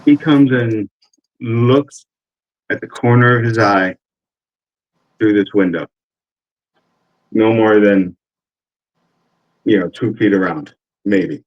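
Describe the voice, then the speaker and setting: Speaking slowly with long pauses, this army veteran in his forties rambles through a casual anecdote, swearing often and leaning on fillers. His fairly low voice comes through a muffled recording.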